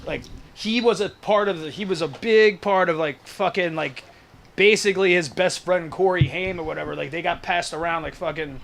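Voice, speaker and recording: A man's voice: high voice, normal speed, creaky, fairly bright tone, slight background noise. A man co-hosting a podcast, trading laid-back wisecracks in crude casual banter. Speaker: podcast co-host.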